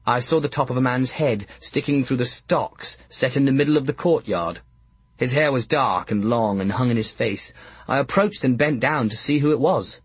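A man narrating an audiobook in a measured, first-person storytelling manner. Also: medium pitch, breathy edge, no echo.

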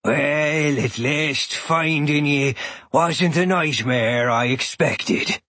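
A man voicing a gruff, coarse old male archdruid with a deep, growly voice and blunt, clipped speech. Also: very slow, sharp tone, no echo, heavily acted.

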